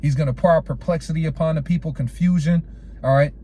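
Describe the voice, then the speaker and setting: Slangy, fairly high-voiced male preacher. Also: steady tone, quick pace, warm tone, slight background noise. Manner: peppers speech with "all right" and "man"; casual slangy storytelling. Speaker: street preacher. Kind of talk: informal sermon with scripture quotes.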